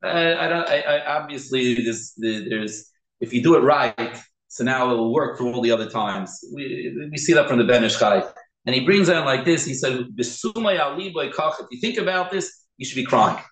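A man teaching a Torah class, earnest and insistent, doubling back on his words to press a point about pronunciation. His voice sits at an ordinary pitch and rings around a reverberant room. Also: animated, moderate pace, a bit bright. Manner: earnest, repeats and restarts words, stresses pronunciation.

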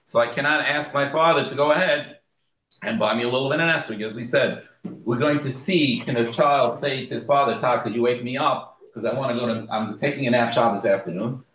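A man teaching a Talmud class in a lively manner, explaining passages and acting out examples. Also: medium pitch, fairly quick. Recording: echoey room.

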